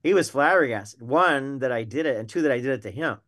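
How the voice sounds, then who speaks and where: A man's voice: medium pitch, fairly quick. An older man, a retired wildlife biologist telling stories emphatically as a podcast guest. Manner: animated anecdotal storyteller, emphatic. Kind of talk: storytelling in a podcast interview.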